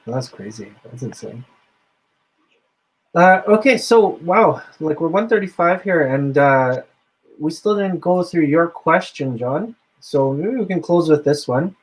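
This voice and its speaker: A man hosting a casual chat, relaxed, asking questions and trailing off quietly. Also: a little high, unhurried, breathy edge, low-quality recording. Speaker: host.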